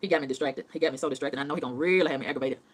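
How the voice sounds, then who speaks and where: Fast-talking, heated ranting woman. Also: low voice. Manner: profane, rapid, heated ranting with repeated phrases. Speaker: vlogger. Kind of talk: ranting monologue.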